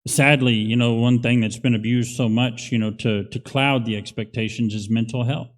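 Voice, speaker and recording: A man's voice: mid-range voice, fairly even intonation, moderate pace. A male pastor preaching a conversational, emphatic sermon in a church. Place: church sanctuary. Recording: long hall reverb.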